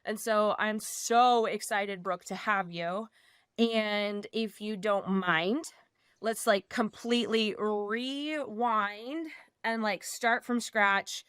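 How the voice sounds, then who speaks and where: A woman in her thirties co-hosting a podcast, telling a story in a gushing, animated way. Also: mid-range voice, takes it slowly, clear, resonant tone, no room sound, clean studio sound. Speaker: podcast co-host. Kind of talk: casual podcast chat.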